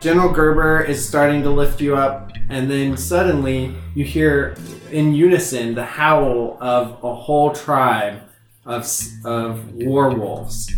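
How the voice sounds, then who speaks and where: A man's voice: medium pitch, reverberant. A man hosting a podcast and narrating a tabletop game in an upbeat, loose, filler-heavy way.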